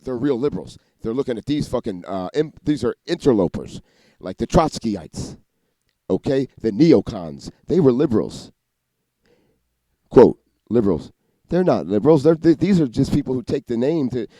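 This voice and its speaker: A man in a rambling monologue, talking fast and cursing a lot, often restarting and jumping between ideas. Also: medium pitch, dark tone, no room sound. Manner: rapid, profane, restarts and jumps between ideas. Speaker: vlogger.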